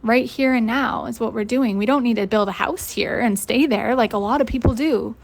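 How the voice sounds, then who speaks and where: A young adult woman hosting a motivational coaching lesson, casual and energetic, swearing freely and laughing often. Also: on the high side, moderate pace, vocal fry. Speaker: host and life coach.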